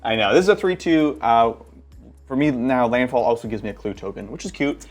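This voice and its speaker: A man's voice: mid-range voice, brisk, soft background music. A man at a card game table, explaining his cards in a playful way and laughing often. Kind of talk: casual game-table chat.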